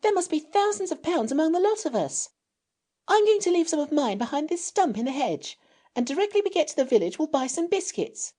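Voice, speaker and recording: A man voicing a timid, fretful young girl in a storybook reading, pitched far up. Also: sing-song, a little fast, dark tone. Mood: plaintive.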